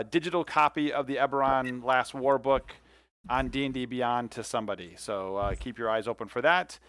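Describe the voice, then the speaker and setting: A man's voice: medium pitch, fairly bright tone, smooth, no room sound. A man hosting a remote tabletop game stream as dungeon master, chatty and self-deprecating, with frequent hesitations. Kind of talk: casual livestream hosting. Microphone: headset or desk mic on a video call.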